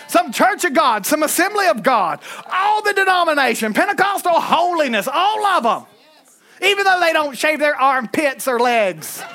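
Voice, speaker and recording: High-voiced, fiery preacher man. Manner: animated, shouting at times, folksy asides. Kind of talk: sermon.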